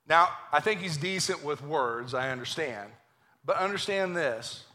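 A man preaching a lively, joking sermon in a church, acting out voices as he goes. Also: fairly high pitch, unhurried. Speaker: pastor. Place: church sanctuary.

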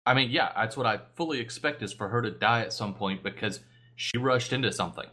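Young guy cohost, middle pitch, dry one-liners. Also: brisk, sharp tone. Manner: dry, wry asides. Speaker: podcast co-host. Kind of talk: casual TV recap chat.

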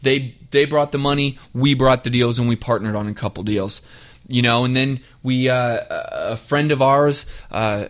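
A man hosting a podcast, talking straight to listeners in a direct, energetic coaching tone and driving his points home by repeating them. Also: mid-range voice, moderate pace. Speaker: podcast host. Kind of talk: motivational podcast monologue.

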